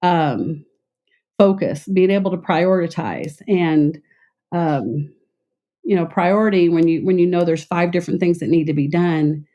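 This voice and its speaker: A middle-aged woman from Texas with a light Southern accent, explaining her past work as a guest in an interview in a clear, concise, measured way. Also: lowish voice, warm tone. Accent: light Southern American. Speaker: interview guest, former air traffic controller. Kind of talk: conversational interview.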